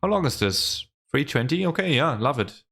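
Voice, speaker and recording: A young man talks straight to camera in an easygoing, chatty reaction vlog. He sounds excitable and gushing, and his voice sits at an ordinary middle pitch for a man. He throws in "man" and "bro" all the time and swears now and then. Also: moderate pace, creaky, music in the background. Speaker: reaction video host. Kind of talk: casual reaction vlog chat.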